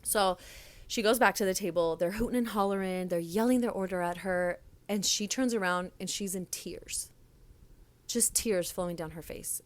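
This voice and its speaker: A young woman hosts a casual solo podcast and talks in a blunt, sassy way. Her voice sits at an ordinary middle pitch and is recorded dry and close, with no room sound around it. She tells stories with plenty of attitude. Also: moderate pace, no room sound. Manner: blunt, sassy storytelling with lively quoted voices. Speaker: podcast host, restaurant server and former manager.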